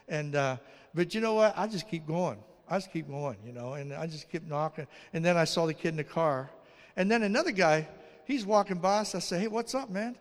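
A male pastor preaching and telling stories, acting out the people in them with raised voices. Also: high voice. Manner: animated, acts out dialogue in raised voices. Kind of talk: sermon with storytelling. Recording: long reverb of a large hall.

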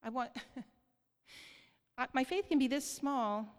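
A woman preaching a sermon in church, earnest and light, often laughing softly and checking in with the congregation. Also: high-pitched, animated, slow pace. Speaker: church speaker. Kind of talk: sermon on giving. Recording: long hall reverb.

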